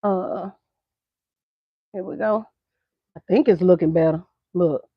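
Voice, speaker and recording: A woman's voice: on the low side, takes it slowly, husky, no echo. A middle-aged woman with a Southern American accent, chatting casually to her viewers and laughing often. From United States. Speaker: vlogger. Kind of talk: casual chat to camera. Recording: dull lo-fi sound.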